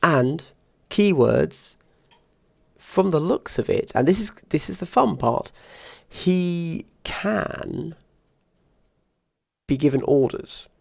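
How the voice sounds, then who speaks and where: Gravelly-voiced man musing over game rules. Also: a little high, animated, no room sound. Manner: chatty, weighs options out loud with quick asides. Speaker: tabletop wargame reviewer. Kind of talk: casual rules review, thinking aloud.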